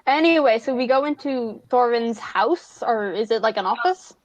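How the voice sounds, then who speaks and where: A chatty woman playing a tabletop game, fairly high voiced and quick to giggle. She leans on fillers as she thinks. The recording is dull and dry. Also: no echo. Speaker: player.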